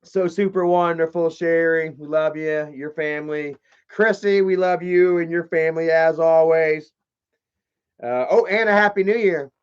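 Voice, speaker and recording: Male streamer, slightly high voice, rambling and profane, muffled lo-fi audio. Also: normal speed, smooth. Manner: rambling, swears casually, shouts out chat viewers. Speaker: livestream host. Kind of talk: casual livestream chat.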